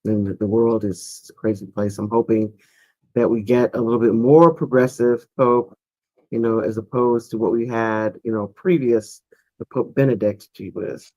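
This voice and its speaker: A man's voice: lowish voice, fairly even intonation, normal speed, mellow, dry recording. A man hosting a casual panel chat, rambling easily with many fillers. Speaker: podcast host.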